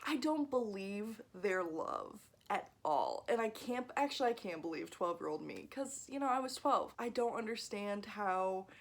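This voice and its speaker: A young woman talking casually to camera in a book review vlog, animated and sarcastic, swearing often and breaking into laughter as she rants. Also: medium pitch, unhurried, few pauses. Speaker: book vlogger.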